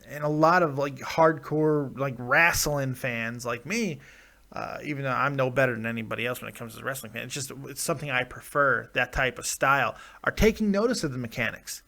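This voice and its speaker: A man's voice: medium pitch, normal speed, bright, forceful tone. A man hosting a live show in casual, rambling talk, joking and teasing himself. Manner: rambling, self-deprecating, jokey. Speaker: host.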